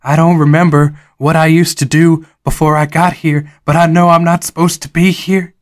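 A man voicing a nervous theme park worker who whines and rushes his words. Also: little pitch movement, natural voice. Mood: urgent, nervous. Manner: high, whining, anxious. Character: panicky park docent, whiny man.

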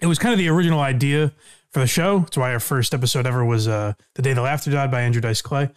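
A man's voice: mid-range voice, quick pace, smooth. A man hosting a podcast in a casual, reflective, conversational way. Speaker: podcast host. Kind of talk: casual chat.

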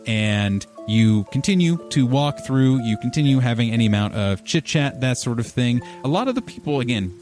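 A man's voice: medium pitch, normal speed, hardly any pauses, faint music behind. Laid-back man narrating as game master. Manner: relaxed, descriptive, with fillers.

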